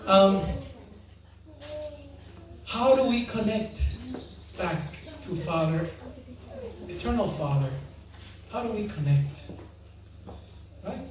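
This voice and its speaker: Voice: medium pitch, expressive, takes it slowly, long pauses, darkish tone, a little hiss or hum. A devotional speaker giving an informal spiritual talk, joking and quizzing the audience with frequent laughter. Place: large hall with audience. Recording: very echoey hall, mic far off, audience.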